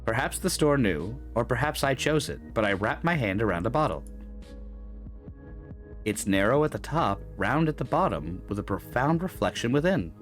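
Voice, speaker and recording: Male gaming host, animated narrator voice, mid pitch, soft game music under. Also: normal speed. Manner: dramatic reading with swearing asides. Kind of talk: reading game narration aloud with live chat.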